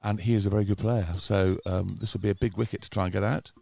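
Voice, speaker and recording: A man's voice: lowish voice, fast, gravelly. A man doing chatty live commentary on a club cricket match, teasing his co-commentator. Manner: chatty, teasing, gets excited at wickets.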